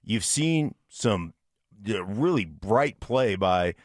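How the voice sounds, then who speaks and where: A man's voice: lowish voice, lively intonation, slow, no room sound, clean studio sound. A middle-aged man co-hosting a sports talk radio show, a former player telling locker-room stories in a laid-back, teasing way. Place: radio studio.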